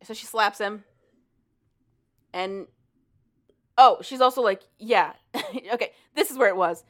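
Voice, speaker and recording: Woman chatting, recapping a story, animated, swears a lot, laughs a bunch, mid pitch. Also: slow pace. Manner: animated, profane, laughs often while retelling. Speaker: podcast co-host recapping a story. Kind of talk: casual chat.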